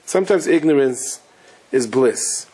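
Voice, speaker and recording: A rabbi giving a Torah lecture, telling stories in a lively way with Yiddish and Hebrew terms mixed in. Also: male voice, medium pitch, unhurried, husky, low-quality recording. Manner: animated storytelling, sprinkled with Yiddish and Hebrew terms.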